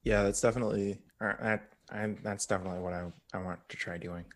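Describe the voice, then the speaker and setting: A man's voice: lowish voice, fairly even intonation, fast talker. A man playing a tabletop game, speaking hesitantly with many stumbles. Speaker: player.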